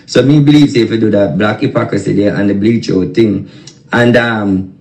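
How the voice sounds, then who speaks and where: A man's voice: fairly low pitch, normal speed, creaky, darkish tone, echoey room, poor audio. A man with a Jamaican accent giving blunt, insistent advice.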